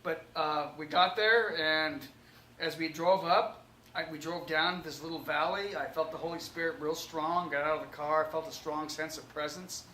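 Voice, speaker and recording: Bright, higher-pitched man giving earnest spiritual testimony as host; echoey room. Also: fairly even intonation, normal speed. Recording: echoey room with faint noise.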